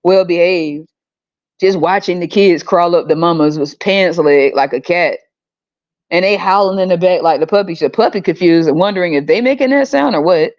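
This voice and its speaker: A woman's voice: lowish voice, moderate pace, a little mellow. Blunt, exasperated woman ranting on a lo-fi recording. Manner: blunt, exasperated, swears freely. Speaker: podcast host. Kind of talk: casual ranting commentary.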